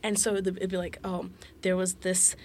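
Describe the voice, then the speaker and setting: A woman's voice: fairly low pitch, flat delivery, normal speed, darkish tone, a little hiss or hum. A young woman co-hosting a podcast, chatting casually and telling a history story with lots of "like" and acted-out quotes. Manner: chatty storyteller, acts out quotes, many fillers. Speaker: podcast co-host. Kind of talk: casual chat.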